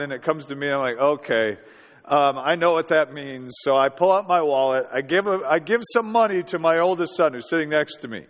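A man's voice: high voice, a bit bright. Guy in his 40s preaching, chatty storyteller, voice rings around a big hall. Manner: storytelling, conversational with rhetorical questions. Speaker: pastor. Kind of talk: sermon. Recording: reverberant hall.

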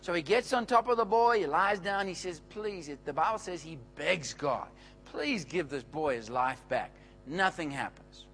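A high, bright male voice delivering a sermon. He tells the story with lively swings in pitch and gives the characters their own voices as he goes. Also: normal speed, a little hiss or hum, poor audio. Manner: animated, acts out the characters' lines. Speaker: preacher.

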